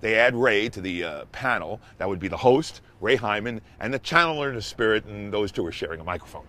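A man hosting a show, telling a story as a monologue in a wry, sarcastic way that rises to excited emphasis. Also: fairly low pitch, brisk. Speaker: host and storyteller.

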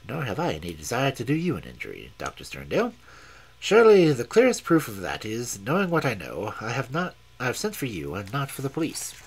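A man reading aloud and voicing a cold, commanding male detective in a measured, stern, precise way with a husky tone. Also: medium pitch, wildly swooping pitch, exaggerated voice, low-quality recording. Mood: calm.

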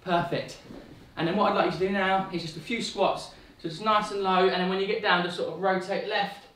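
A woman's voice: mid-range voice, fairly even intonation, fairly bright tone, recorded from a distance. A woman coaching a family workout at home, upbeat and playful as she counts people in. She sounds a little off-mic in a very echoey living room, with faint noise underneath. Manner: upbeat, playful, gives quick cues. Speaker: fitness instructor.

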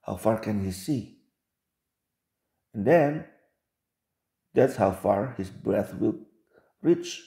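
A man reads religious texts aloud and picks them apart in a slow, deliberate delivery. His voice is low, dark and gravelly. He leans on rhetorical questions and repeats words for emphasis, recorded in an echoey room. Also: animated. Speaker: religious commentator. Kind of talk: reading and commenting on religious texts.

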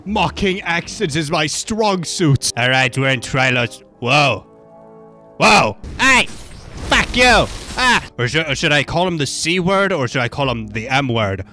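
Bright-voiced, goofy gaming commentator man. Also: a little high, lively intonation, a little slow, faint music behind. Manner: goofy, profane, rambling. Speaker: gaming YouTuber. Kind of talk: joking gameplay commentary.

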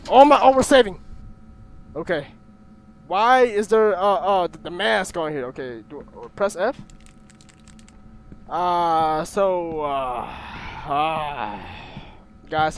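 Young guy playing a horror game, high-pitched and nervous, yelps a lot, faint hiss behind. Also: animated, slow pace, pauses often. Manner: nervous, jumpy, swearing, yelping at scares. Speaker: gaming YouTuber.

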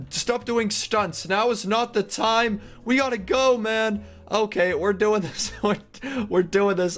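Faint music plays behind a young man who hosts a gameplay channel as he talks through an obstacle course. His commentary is excited and casual, leaping into high squeals whenever something surprises him.

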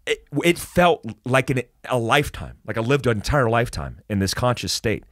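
This podcast guest from the United States speaks at normal speed with a medium pitch, telling a wild story with heavy swearing and plenty of restarts. His manner is animated, and the recording is dry with clean studio sound.

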